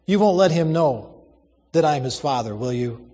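A soft-spoken, self-sacrificing old convict, read by a man in a storybook recording. He pleads gently and sounds quietly resigned, at a slightly raised pitch. A long reverb hangs behind the voice. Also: animated, normal speed. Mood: pleading.

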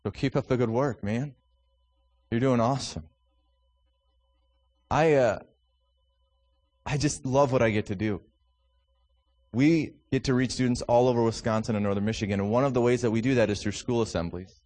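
Guest-preaching in a church, a youth ministry speaker from Minnesota, apparently in his thirties or forties, shifts between wry, self-deprecating family stories and fervent appeals. His pitch sits steady in the middle, and he speaks at a moderate pace, pausing often.

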